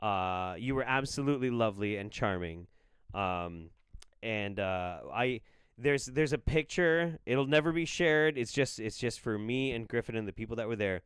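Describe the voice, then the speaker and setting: Lively, profane male livestream host. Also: mid-range voice, normal speed, clear, resonant tone, no room sound, studio quality. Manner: irreverent, profane, laughing often. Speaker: livestream host reading superchats. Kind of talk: casual livestream chat.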